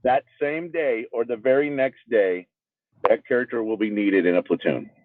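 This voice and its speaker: A man's voice: mid-range voice, normal speed, no room sound. A man co-hosting a casual game livestream, rambling and restarting his sentences as he makes his point. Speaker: livestream co-host. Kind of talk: casual chat. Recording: tinny phone-like line.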